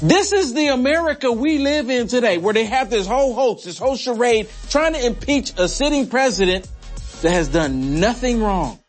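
A man's voice: very high voice, lively intonation, normal speed, soft background music. A man hosting a political commentary show, indignant and sarcastic, firing off rhetorical questions. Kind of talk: opinionated commentary.

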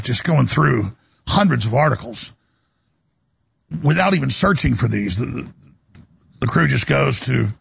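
A talk radio host with a medium-pitched, slightly bright but gravelly, raspy voice. He delivers an indignant, rambling monologue, restarting himself again and again.

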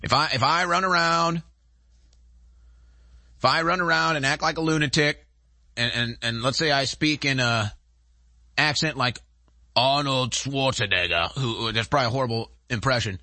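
A man's voice: medium pitch, fairly even intonation, normal speed, pauses often, pushed and bright, no room sound. A man hosting a show, delivering a heated political commentary monologue in an indignant, emphatic way, piling up rhetorical questions. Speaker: show host.

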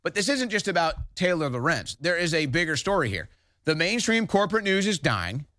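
A man with a fairly high voice rants emphatically as a talk show host, hammering his points home. The sound is close and dry, with no room echo. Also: very animated, fairly quick, bright, forceful tone. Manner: emphatic, combative ranting. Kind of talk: political talk show commentary.

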